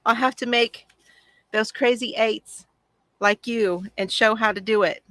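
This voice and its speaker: A woman's voice: fairly high pitch, steady tone, a little slow, fairly bright tone, no echo. A woman hosting a casual crafting livestream, chatty and gushing as she answers viewer comments from home.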